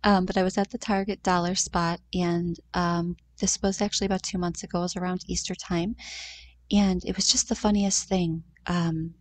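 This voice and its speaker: A woman in her thirties telling a personal story in a heartfelt, conversational way, with short pauses and fillers. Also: on the low side, little pitch movement. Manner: heartfelt, conversational, acts out quoted voices. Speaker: mother sharing a grief story.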